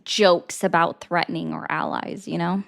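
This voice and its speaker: A woman's voice: on the low side, steady tone, normal speed, gravelly. A young woman hosting a political call-in debate, blunt and emphatic as she argues her points. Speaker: host.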